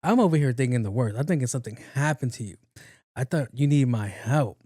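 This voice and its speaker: Slangy podcast man with a dark voice. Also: mid-range voice, lively intonation, a little fast, slightly rough, no echo, clean studio sound. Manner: slangy, swearing storyteller who acts out quoted talk. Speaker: podcast host. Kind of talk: casual solo podcast monologue.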